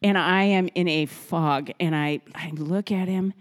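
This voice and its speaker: A middle-aged woman co-hosting a podcast from a home kitchen, telling stories casually with lively energy and frequent laughter. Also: on the low side, a little slow. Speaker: podcast co-host. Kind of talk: casual storytelling.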